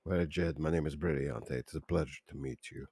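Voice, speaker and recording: A man voicing a courteous male adventurer who speaks in a measured, polite way. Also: rumbling low, fairly even intonation, creaky, warm tone, breathy edge, no echo, voice pushed down, full character voice.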